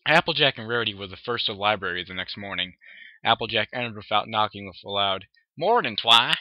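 A man's voice: on the low side, fast, no echo, highs cut off. A man with a sore throat talking casually and reading fan fiction aloud, a bit hesitant. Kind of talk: casual vlog intro and story reading.

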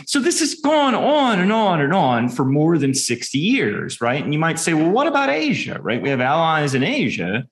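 A man presenting his research paper from slides, talking informally with many ums and dry, wry asides. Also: medium pitch. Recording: echoey room.

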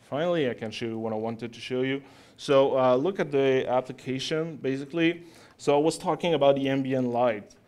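A man's voice: medium pitch, a little fast, darkish tone. Male tech speaker, live demo talk, casual and joking with the room, mid-range voice. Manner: chatty, joking with the audience between steps. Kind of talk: live software demo presentation. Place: talk in front of an audience.

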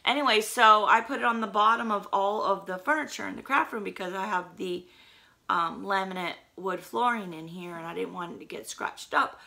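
A middle-aged woman talks casually through a haul, rambling with fillers. Her voice is a little hoarse, with a gravelly, bright edge. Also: mid-range voice, moderate pace. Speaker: vlogger.

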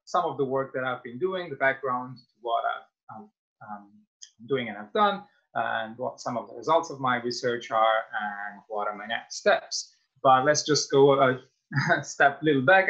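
Over dull, lo-fi video call audio, a young man presents as a guest speaker in a webinar, his Italian accent marking him as a native speaker. His medium-pitched voice is fairly bright, and his friendly delivery is hesitant and peppered with fillers.

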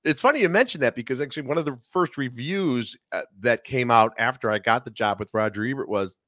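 A middle-aged man from Chicago with a faint Chicago accent, a film critic chatting as a podcast guest in an animated, aside-filled way. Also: medium pitch, fairly quick, dry recording, studio quality. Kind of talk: casual podcast conversation.

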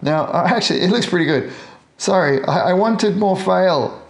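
Aussie bloke with a gravelly voice walking through model weathering, chatty and joking at himself. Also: male voice, sits high, animated, normal speed. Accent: Australian. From Australia. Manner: chatty, jokey, self-deprecating asides. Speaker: scale model painting tutor. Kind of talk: casual tutorial narration while painting.

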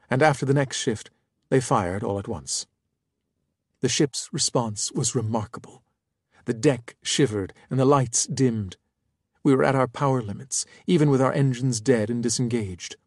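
A man narrating a first-person audiobook in a measured storytelling manner. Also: medium pitch, dry recording, clean studio sound.

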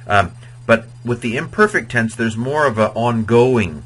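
A man's voice: mid-range voice, unhurried, fairly bright tone, husky, rough recording. A man teaching Latin grammar in an informal video lecture, chatty and digressive, sometimes chanting verb endings in a sing-song rhythm. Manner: chatty and digressive, with many fillers.

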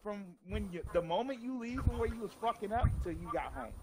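A man hosting a gaming channel, telling a childhood story to friends in a casual, profane, animated way and laughing along. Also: sits high, fairly quick, noisy background.

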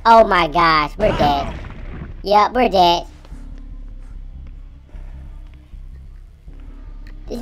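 A squeaky chipmunk gamer. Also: male voice, exaggerated voice. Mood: jittery banter. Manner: panicky, excitable, slangy banter. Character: squeaky chipmunk gamer boy, jittery and jokey. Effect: pitch-raised chipmunk voice. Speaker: gaming commentator. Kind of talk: let's-play commentary.

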